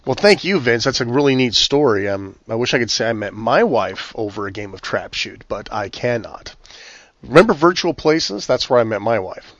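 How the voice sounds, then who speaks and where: A man with a hoarse, scratchy voice hosts a retro gaming podcast in a relaxed, conversational way, often pausing on um and uh. His voice sits in a middling pitch range. The recording is dry and somewhat dull, with a lo-fi edge. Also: no echo. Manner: conversational, with frequent ums and uhs. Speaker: podcast host.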